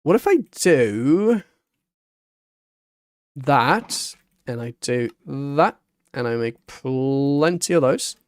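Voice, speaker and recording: A man's voice: mid-range voice, lively intonation, extremely slow, long pauses, dry recording. A man streaming a building game, talking to himself and humming little sound effects as he works. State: hiccuping. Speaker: Minecraft streamer. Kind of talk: casual gameplay commentary.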